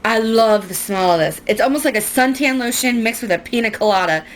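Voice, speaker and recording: A woman's voice: on the high side, a little fast, a little hiss or hum. Chatty woman doing makeup. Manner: chatty, rambling, self-mocking with frequent laughs. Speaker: beauty vlogger. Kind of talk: casual makeup tutorial chat.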